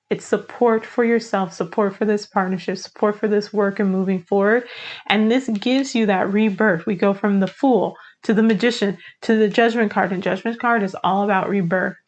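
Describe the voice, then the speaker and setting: A woman tarot reader talking casually to her viewers, chatty and encouraging, with a lot of "like" as she walks through the cards. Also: mid-range voice. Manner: chatty, encouraging, uses "like" often. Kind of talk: casual tarot reading to camera.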